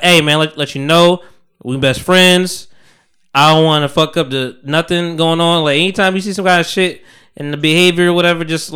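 A man's voice: on the high side, a bit bright, clear, resonant tone. A man in his thirties hosting a podcast in loose, profane casual chat, laughing often. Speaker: podcast host.

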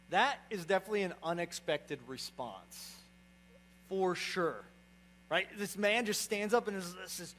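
This young pastor delivers his sermon in a high voice with a fairly bright tone and a moderate pace. His manner is conversational, and he keeps asking the congregation "right?" Slight background noise comes through on the poor audio.

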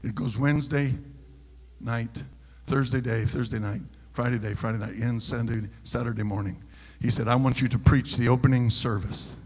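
A male pastor preaching a sermon, telling a story quietly and then shouting his points. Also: medium pitch, fairly even intonation, moderate pace, breathy edge, long reverb tail.

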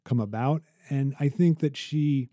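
Guy cohosting a podcast, very dark mellow voice, stumbles and restarts a lot, dry close mic. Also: medium pitch, no room sound. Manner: halting, many restarts, animated storytelling. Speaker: podcast co-host. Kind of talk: conversational academic podcast.

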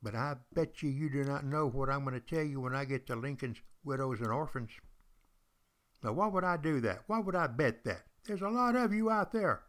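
An older man, a retired college teacher, hosts a podcast, telling stories in a folksy, chatty monologue addressed directly to his listeners. His mid-range voice is animated and fairly bright, at a normal pace.

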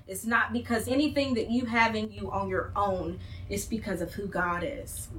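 A young woman co-hosting a faith podcast, talking in an animated, emphatic and playful way as she teaches. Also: mid-range voice, normal speed, hardly any pauses, slight background noise. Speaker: podcast co-host.

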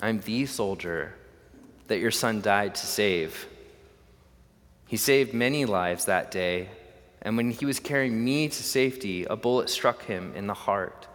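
A man voicing a humble young male soldier who speaks gently and earnestly, recorded with long hall reverb. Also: fairly low pitch, a little slow.

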